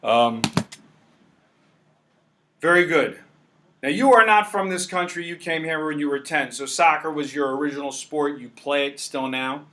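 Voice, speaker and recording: A brash man runs a sports betting show, pushing his points hard. His voice sits a little high and sounds bright and forceful. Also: normal speed, long pauses, a little hiss or hum. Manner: brash, emphatic, salesman-like. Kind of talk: casual sports betting talk.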